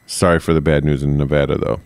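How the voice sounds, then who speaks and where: Man, very low voice, dry close sound, rambling, profane, joking podcast co-host. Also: flat delivery, quick pace, vocal fry, darkish tone, clean tone, dry recording. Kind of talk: casual comedic chat.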